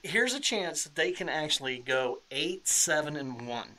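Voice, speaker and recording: A man co-hosting a live sports talk stream, talking haltingly and restarting his sentences. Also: fairly high pitch, big pitch swings, sharp tone, low-quality recording. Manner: halting, repeats and restarts often. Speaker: sports show co-host.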